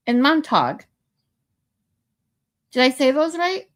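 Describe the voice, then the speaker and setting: Hosting a relaxed livestream, this woman has a high, slightly bright voice and an expressive way of speaking. She goes slowly with frequent pauses, playfully reading out viewer comments and experimenting with how to pronounce words.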